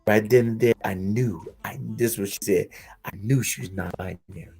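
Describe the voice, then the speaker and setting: A man hosting a relaxed conversation, his voice sitting a little low. He tells stories with animated quoted lines and chuckles at his own jokes. Faint music plays under him. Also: normal speed, gravelly, husky. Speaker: podcast host. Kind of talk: casual conversational commentary.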